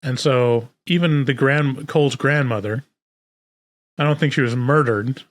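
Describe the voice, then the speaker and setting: A man co-hosting a podcast, thinking aloud in a relaxed, casual chat about movies. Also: mid-range voice, measured pace, dry recording. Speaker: podcast co-host.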